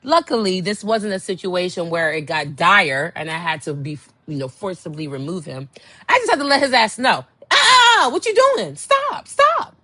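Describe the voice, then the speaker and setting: A young woman hosting a podcast, telling a candid story in a blunt, exasperated way, dropping to low murmurs and jumping to high outbursts. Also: animated, normal speed, pushed and bright, no room sound. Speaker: podcast host.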